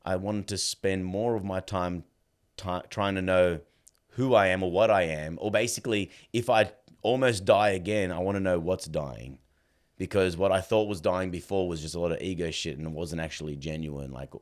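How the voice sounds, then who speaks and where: A man in his thirties, a podcast guest telling casual stories, animated, acting out dialogue and saying "like" and "bro" a lot. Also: low-pitched, moderate pace. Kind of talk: casual storytelling.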